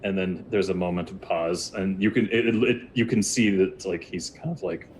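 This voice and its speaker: A man's voice: low-pitched, steady tone, moderate pace, a little mellow, slight background noise. A man narrating a tabletop game as game master, talking casually with many fillers.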